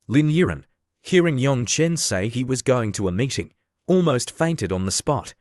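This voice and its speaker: A man narrating an animated story recap in a steady, even scripted reading. His voice sits at a middling pitch, dry and close to the mic with no room sound. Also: moderate pace, dry recording.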